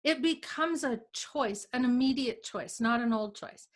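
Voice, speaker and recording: A woman's voice: fairly high pitch, measured pace. A middle-aged woman, a healer, teaching in a casual conversation, acting out inner dialogue as she explains and laughing often. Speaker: energy healer guest.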